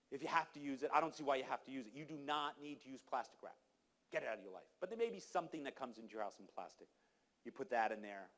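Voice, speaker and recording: This man's fairly bright, slightly high voice carries an emphatic, exhorting conference talk aimed straight at the audience in the hall. When he quotes people, he acts them out.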